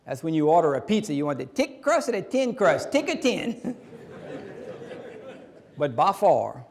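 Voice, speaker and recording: A folksy Cajun comedian with a high-pitched voice, chatting with the crowd and laughing at his own jokes. His stand-up keynote rings with long reverberation through a large conference hall. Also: big pitch swings, moderate pace, creaky.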